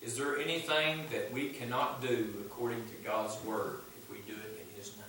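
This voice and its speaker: A man's voice: fairly low pitch, fairly even intonation, moderate pace, fairly bright tone, slight background noise. A man preaching a fervent sermon in a church, emphatic and repeating his refrains. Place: church sanctuary. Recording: echoey church from far off.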